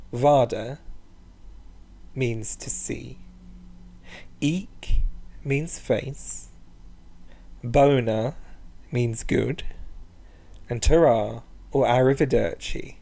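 A man's voice: mid-range voice, gravelly, dark tone. A man hosting a playful slang language lesson as a podcast, with a camp, sing-song and cheeky delivery. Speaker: language teacher, podcast host.

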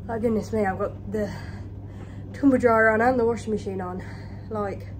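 In her home kitchen, a young British vlogger talks chattily and a bit out of breath, switching to a baby voice for her pets. She speaks at normal speed in a medium-pitched voice with fairly even intonation, over the noise of a washing machine and tumble dryer in a noisy home recording.

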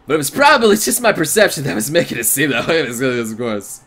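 A man streaming a visual novel, reading its narration aloud and reacting in an excitable, jokey way. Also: on the high side, fairly quick, hardly any pauses. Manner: excitable, jokey, breaks into laughter.

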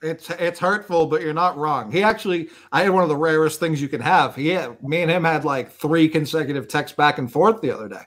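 A man with a somewhat high voice jokes and laughs through casual podcast chat. He comes in with easy banter among friends. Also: brisk, few pauses, a bit bright. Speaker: podcast co-host. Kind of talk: casual chat over remote call.

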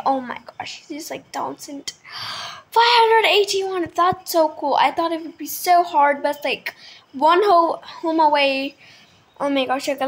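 A woman chatting casually at home as she plays a game, excitable, with hushed whispered asides. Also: high voice. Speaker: gaming video creator. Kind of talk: casual gameplay commentary.

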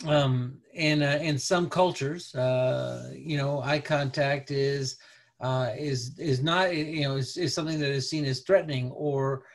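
A man presenting a parenting lecture over slides, talking in a conversational, halting way with many restarts. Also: medium pitch, gravelly. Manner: conversational, halting, peppered with "you know".

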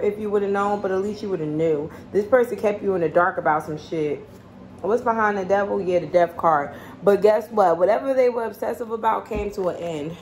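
A woman reading tarot cards in a loose, chatty way, blunt and quick to swear. Her voice sits at an ordinary middle pitch, with a faint hum of background noise behind it. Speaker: tarot reader.

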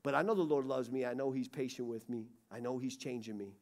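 A middle-aged man preaching a sermon, swinging from loud urgency to hushed pleading. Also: medium pitch, quick pace. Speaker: pastor. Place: church sanctuary.

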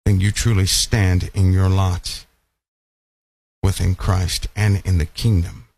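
A man preaching a Bible-study sermon who keeps asking his listeners questions and slows down to stress key lines. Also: on the low side. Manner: emphatic, asks the audience questions often.

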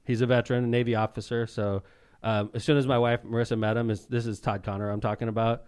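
A man's voice: mid-range voice, little pitch movement, quick pace, a little mellow, smooth. A man co-hosting a casual podcast, joking around and reading ads in an upbeat announcer voice. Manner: jokey, reads ads in a hyped announcer voice. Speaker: podcast co-host. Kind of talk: casual chat and read ads.

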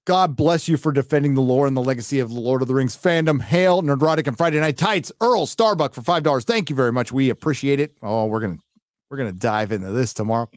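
A man's voice: mid-range voice, fast, no echo, studio quality. A middle-aged man hosting a live stream, chatting casually and reading out donations in a rambling, profane way. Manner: rambling, profane, with many fillers.

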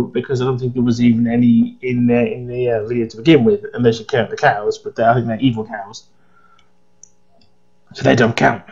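A man's voice: mid-range voice, flat delivery, brisk, darkish tone, breathy edge, muffled recording. A groggy, worn-out English man chatting and rambling through casual gameplay commentary as a let's play host.

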